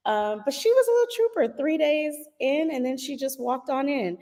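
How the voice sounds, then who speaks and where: A woman's voice: sits high, lively intonation, normal speed, warm tone, big-room sound. A woman in her thirties, a guest in a casual interview, chatty with frequent laughs and fillers.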